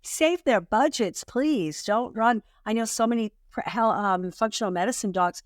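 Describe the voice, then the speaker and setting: A woman's voice: fairly high pitch, normal speed, no room sound, studio quality. A woman hosting a health interview, agreeing with her guest and then speaking earnestly. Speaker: host. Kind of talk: casual interview talk.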